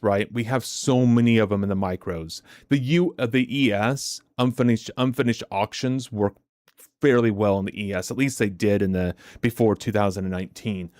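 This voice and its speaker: A man's voice: fairly low pitch, no echo. Chatty man hosting a dry live stream. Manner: chatty, repeats words and restarts often; animated storyteller. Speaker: trading live-stream host. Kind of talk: casual live-stream commentary.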